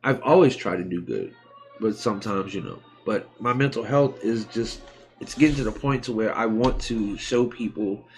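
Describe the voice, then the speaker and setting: A man in his forties from the United States, hosting a live stream and speaking openly and emotionally about his own life, with many pauses and restarts. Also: fairly low pitch. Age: 40s. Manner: halting and heartfelt, many restarts. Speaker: livestream host. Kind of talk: emotional personal talk.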